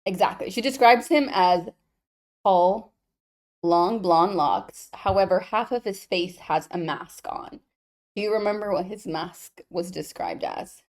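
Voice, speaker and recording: A woman's voice: on the low side, unhurried. A woman co-hosting a podcast, chatting casually about a book and chiming in with jokes. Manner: relaxed and joking, chimes in with quips. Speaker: podcast co-host. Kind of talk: casual book recap chat.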